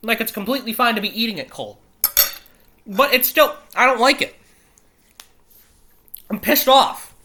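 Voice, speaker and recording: A man's voice: sits high, sharp tone. A man hosting a casual solo show, reading out news quiz questions and reacting with frequent swearing and exasperation, stumbling over place names. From not British. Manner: profane, exasperated, self-interrupting. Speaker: show host.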